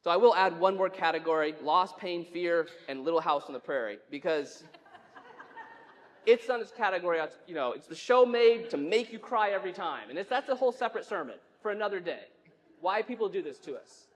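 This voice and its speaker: Preaching in a church sanctuary, this pastor has a high, animated voice and talks a little fast. His sermon is conversational, full of questions put to the room and wry side comments, all heard through a long, echoing church reverb.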